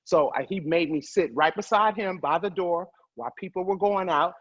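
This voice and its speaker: A woman comedian telling stories as a guest, loud and profane, quick to laugh. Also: on the low side, husky, lo-fi sound. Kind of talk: animated storytelling.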